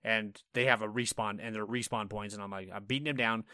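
A man's voice: fairly low pitch, steady tone, a little fast, sharp tone, smooth, no room sound, studio quality. A man co-hosting a casual gaming podcast, telling stories with lots of swearing and acting out his own reactions. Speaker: podcast co-host.

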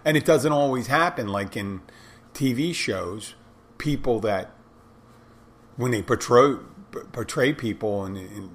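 Speaking alone on his podcast, this host has a mid-range voice with lively intonation and an unhurried pace marked by long pauses. He rambles conversationally, frequently fixing his words mid-sentence.

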